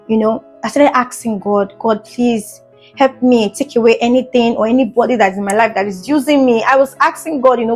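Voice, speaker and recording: A woman's voice: a little high, darkish tone, husky. Earnest woman vlogger, raised voice. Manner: earnest, emphatic, keeps asking "do you understand?"; fillers and restarts, gets emotional at times. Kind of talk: casual storytime monologue to camera.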